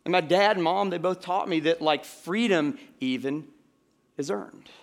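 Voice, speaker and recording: A middle-aged pastor from Georgia preaches in a loose, chatty way, full of fillers and questions to his congregation. His voice sits a little higher than most men's. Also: a little slow, vocal fry. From Georgia, USA. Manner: conversational, with many fillers and audience asides. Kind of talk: sermon.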